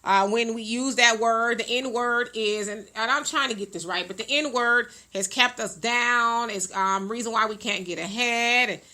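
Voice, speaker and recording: A woman co-hosting a loose talk show, reading viewer comments aloud. Her voice is fairly high and bright with real force behind it, and her delivery is blunt and teasing. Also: measured pace, hardly any pauses. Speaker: co-host.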